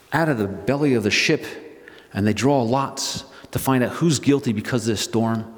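A man preaching a sermon as pastor in a church sanctuary, retelling scripture with emphatic stresses, drawing out key words and then pressing ahead. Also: mid-range voice. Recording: long hall reverb.

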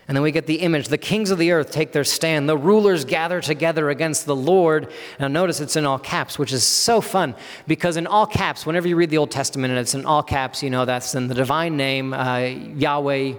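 A man in his thirties preaches an earnest teaching sermon, his voice sitting a little high for a man. He breaks the text into parts and gives the quoted speakers a voice of their own. A long reverb trails behind him, as in a large hall. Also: normal speed.

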